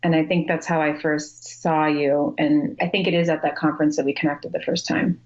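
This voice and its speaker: A woman psychologist being interviewed, answering in a measured, articulate, professional way. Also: deep voice, level tone, dull audio. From Wisconsin. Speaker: clinical psychologist guest.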